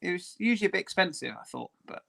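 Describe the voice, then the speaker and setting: Chatty man, fairly high voice. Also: animated, fast, gravelly, sharp tone. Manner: chatty, laughs easily, friendly. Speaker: guest. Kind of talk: casual chat on a live stream.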